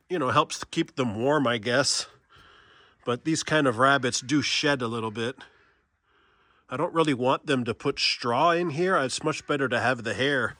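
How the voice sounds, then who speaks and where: A man's voice: mid-range voice, pushed and bright, dry recording. A man, filming a casual farm vlog in a barn and chatting to the camera and his animals. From Canada. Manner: chatty, talks sweetly to his animals in a raised pet voice. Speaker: farmer and vlogger.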